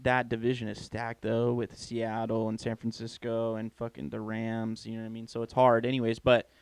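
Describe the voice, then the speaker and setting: On a podcast, a male co-host vents his opinions in loose, profanity-laced talk. His middling-pitched voice is monotone and smooth at a normal speed. The recording is close and dry, with no echo or room sound.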